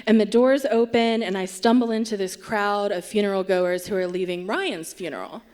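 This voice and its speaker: A woman's voice: medium pitch, steady tone, moderate pace, darkish tone. A woman telling a wry, self-deprecating story on a theatre stage, acting out what people said. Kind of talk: live comic storytelling.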